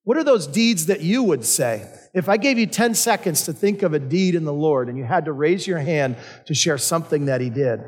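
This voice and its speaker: High-voiced male pastor in a reverberant hall. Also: lively intonation, moderate pace. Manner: conversational storytelling. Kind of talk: sermon with personal stories.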